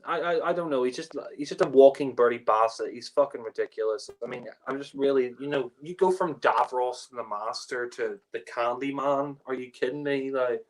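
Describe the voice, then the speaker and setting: Here a man co-hosting a podcast chats casually about a TV story, his mid-range voice moving at normal speed with hardly any pauses. He rambles, laughs, swears, and uses plenty of fillers.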